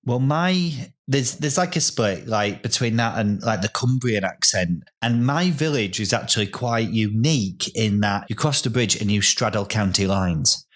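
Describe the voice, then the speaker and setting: A man's voice: on the low side, animated, normal speed, hardly any pauses, fairly bright tone. A man co-hosting a podcast, chatting casually and rambling with lots of filler words. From Bradford, England. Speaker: podcast co-host. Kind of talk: casual chat.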